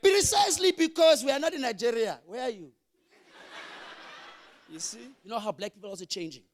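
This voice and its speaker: A young Namibian man doing a stand-up comedy routine, animated, shouting his punchlines and acting out characters. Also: very high-pitched, a little fast, slight background noise. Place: comedy venue with live audience.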